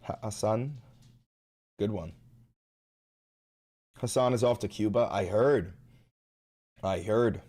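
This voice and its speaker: A man's voice: on the low side, slow pace, long pauses, dark tone. A man hosting a casual livestream, reacting to news in a profane, sarcastic ranting manner. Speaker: live streamer and political commentator.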